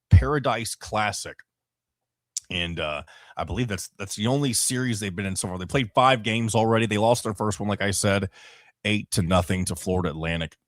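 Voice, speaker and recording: A man's voice: low-pitched, no room sound, studio quality. A young man hosting a solo sports podcast, running through scores casually with rambling asides and self-corrections.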